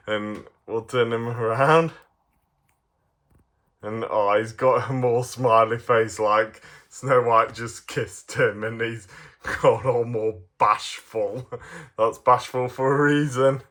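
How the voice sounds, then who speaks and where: A man's voice: lowish voice, fairly bright tone. A man reviewing toy figures in a casual, playful way, giggling often.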